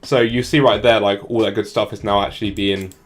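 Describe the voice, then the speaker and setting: A man talking fast and casually through a software tutorial, often saying "like". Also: lowish voice, steady tone, soft background music. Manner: fast, casual, many "like" fillers. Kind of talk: screen-recorded tutorial walkthrough.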